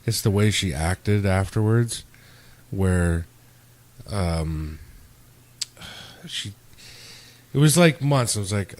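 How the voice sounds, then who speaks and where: A man's voice: on the low side, expressive, takes it slowly, pauses often. A young man hosting a podcast, rambling through a story in casual chat and acting out quoted exchanges. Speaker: podcast host.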